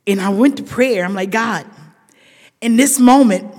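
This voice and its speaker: A woman's voice: a little high, unhurried, darkish tone. Woman speaker at a recovery meeting; raw, emphatic share addressed to the room; long hall reverb. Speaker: speaker sharing a recovery story.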